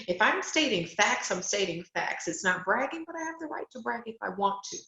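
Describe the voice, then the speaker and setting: A woman's voice: on the high side, animated, a little fast, few pauses, pushed and bright. Emphatic woman giving a motivational talk. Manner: emphatic, direct, encouraging. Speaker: speaker and coach. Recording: roomy, slightly dull home recording.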